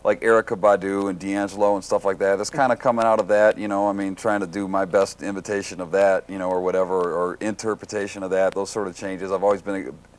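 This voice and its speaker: Deep-voiced laid-back man. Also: flat delivery, fast. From Detroit, USA. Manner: laid-back, searching for words. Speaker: band musician. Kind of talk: casual interview.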